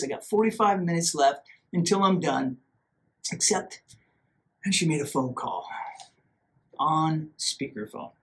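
A man hosting a podcast, telling a story casually in an animated, self-mocking way and acting out his own inner voice. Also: high-pitched. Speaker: podcast host.

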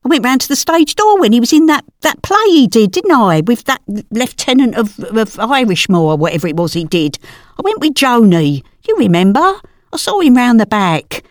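A woman's voice: on the high side, sing-song, normal speed, dry recording. Woman doing a brassy mum, nosy and starstruck, voice swoops up and down a lot, dry close sound. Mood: boastful. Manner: brassy, defensive, casual slang. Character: nosy celebrity-obsessed English mum, brassy and unrepentant. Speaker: comedy podcast character. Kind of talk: scripted comedy sketch.

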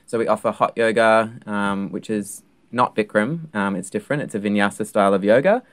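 Relaxed Australian man explaining, low-voiced. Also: fairly quick. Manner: relaxed, explanatory, loose with fillers. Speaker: guest, yoga teacher and performer. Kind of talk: casual interview chat.

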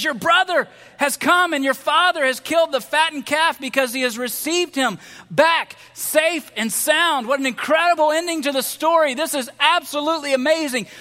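A man preaches with a high, bright, ringing voice, switching between a hushed teaching tone and lively acted-out character voices. The sermon is recorded in a church sanctuary, and a long reverb trails after his words. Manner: animated, acts out the characters' voices. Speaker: pastor.

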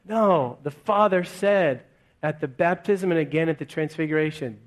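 A man's voice: on the high side, normal speed. A male pastor preaching a sermon to his congregation in a conversational way, peppering it with rhetorical questions. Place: church in front of a congregation.

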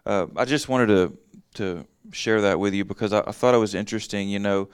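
A man with a low, resonant voice leads a casual Bible teaching. He reads a passage, then explains it in plain everyday words. The sound is dry and close, with almost no room around it. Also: steady tone, brisk, clear, resonant tone, no room sound. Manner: conversational, reads verses then explains them in plain talk.

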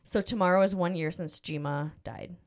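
A middle-aged woman on the low side of the pitch range speaks at normal speed as she hosts a podcast. She shares a personal story casually, emotional and meandering, with plenty of fillers.

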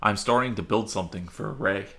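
A man co-hosting a wrestling podcast, chatting casually and getting animated when excited. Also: fairly low pitch, a little fast, vocal fry. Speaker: podcast co-host. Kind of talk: casual chat.

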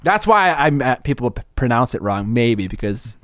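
A man's voice: mid-range voice, sing-song, moderate pace, dry recording, studio quality. An American man co-hosting a casual chat, rambling and self-conscious, often trailing off. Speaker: podcast co-host. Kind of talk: casual chat about miniature painting. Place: cold basement room.

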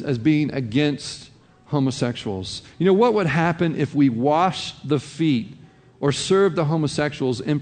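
A man's voice: fairly high pitch, darkish tone. Man preaching in an echoing hall. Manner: conversational preaching with many "you know" asides. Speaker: pastor. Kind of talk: sermon.

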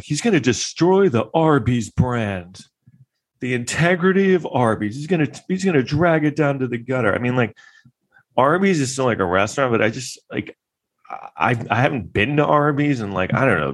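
A man giving casual, rambling commentary, full of filler words and sarcastic asides. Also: mid-range voice. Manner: sarcastic, incredulous. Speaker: vlogger giving trial commentary.

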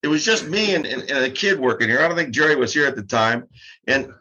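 A man's voice: mid-range voice, expressive, fast, pushed and bright, husky. An older man telling a story as a guest in a casual talk, chatty and laughing and trailing off with fillers, recorded on dull, lo-fi audio. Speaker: guest, drum shop co-owner.

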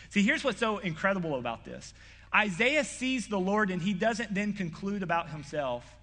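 A man's voice: lively intonation, normal speed. A young man preaching a sermon in an earnest, conversational way. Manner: earnest, conversational, gets louder and higher when acting out Isaiah's words. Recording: hall reverb.

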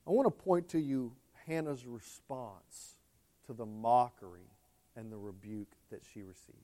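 A pastor preaching a sermon with passion, swinging between hushed, tender passages and loud, emphatic ones. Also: male voice, medium pitch, lively intonation, unhurried.

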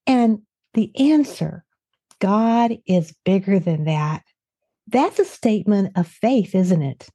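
A woman hosting a faith interview, asking calm, reflective questions. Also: mid-range voice, takes it slowly, husky, no echo, clean studio sound. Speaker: host.

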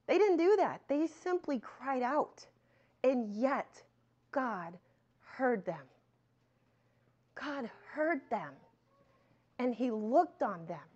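A woman teaching a sermon in a conversational way, reading scripture aloud and breaking into animated asides. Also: sits high, slow, long pauses. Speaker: Bible teacher. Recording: muffled lo-fi sound.

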